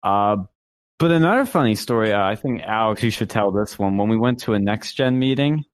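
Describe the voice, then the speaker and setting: A man's voice: lowish voice, lively intonation, a little fast, no room sound. A young man co-hosting a casual talk show, telling a long story in a rambling way with many fillers and restarts. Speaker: podcast co-host.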